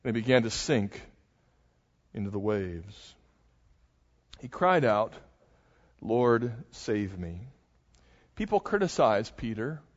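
A man's voice: lowish voice, measured pace, long pauses. Older male pastor preaching in a reverberant church. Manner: animated storytelling, dramatizing the scene. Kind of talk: sermon. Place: church sanctuary. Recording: muffled, long hall reverb.

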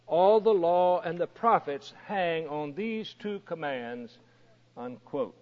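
A man preaches in a slightly raised voice, unhurried and deliberate, leaning on rhetorical questions. His words ring out with a long reverb through a large space. The recording sounds muffled and lo-fi. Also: on the high side, animated. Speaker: pastor. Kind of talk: sermon.

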